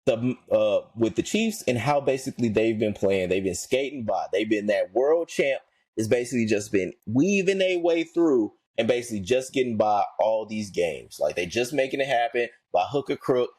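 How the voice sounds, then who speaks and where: A man's voice: mid-range voice, normal speed, husky, no echo. A man co-hosting a casual podcast, slangy and emphatic, repeating himself for effect. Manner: animated, slangy, emphatic repetition. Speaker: podcast co-host.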